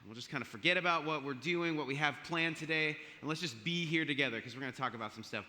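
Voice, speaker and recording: A man's voice: on the high side, quick pace, sharp tone. A man in his forties giving a casual, joking, storytelling talk as a chapel speaker. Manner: playful, self-joking, conversational. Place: university chapel. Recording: long hall reverb of a chapel.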